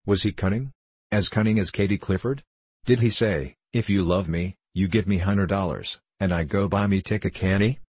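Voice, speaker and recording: A man reading an audiobook, voicing a small earnest girl with slow, childlike questions. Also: sits low, darkish tone, breathy edge, no echo.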